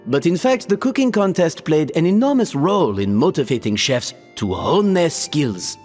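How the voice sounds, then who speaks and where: An actor playing a flamboyant French restaurant host with a thick French accent, theatrical and grandiose, in game audio with long reverb. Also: male voice, on the high side, big pitch swings, moderate pace, a little mellow, faint music behind.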